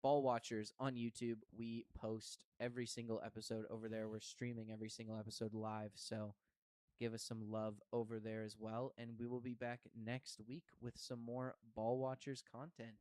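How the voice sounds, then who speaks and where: Smooth-voiced young man hosting a podcast. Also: medium pitch, moderate pace, no echo. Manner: relaxed, chatty, with fillers. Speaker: podcast host. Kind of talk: casual sports podcast chat.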